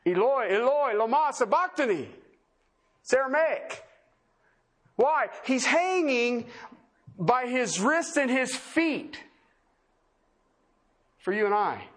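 A man with a notably high voice delivers an impassioned sermon. He presses his listeners with repeated, emphatic questions, preaching with urgency to a gathered congregation. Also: big pitch swings, takes it slowly, pauses often, a bit bright. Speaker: pastor. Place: church service before a congregation.

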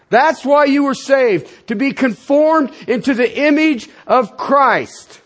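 A middle-aged man preaching a sermon as a pastor, emphatic, swinging between loud declarations and quiet asides. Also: very high-pitched, lively intonation, takes it slowly.

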